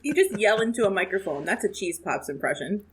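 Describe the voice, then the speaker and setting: A woman's voice: mid-range voice, sing-song, fairly quick. A woman co-hosting a casual podcast chat, cheerful and teasing. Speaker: podcast co-host.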